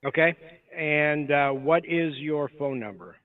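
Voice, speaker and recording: Brisk, polite sales rep heard through a thin phone line; slightly higher voice. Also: male voice.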